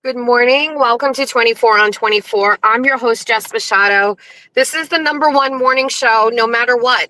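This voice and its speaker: A woman's voice: lowish voice, pushed and bright, rough recording. A woman hosting a morning show, chatty and self-mocking, greeting viewers by name with lots of fillers. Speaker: host.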